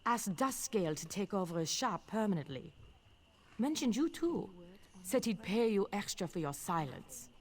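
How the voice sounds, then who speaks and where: A woman's voice: medium pitch, sing-song, normal speed, natural voice. An actress voicing a blunt, wry townswoman in a fantasy video game.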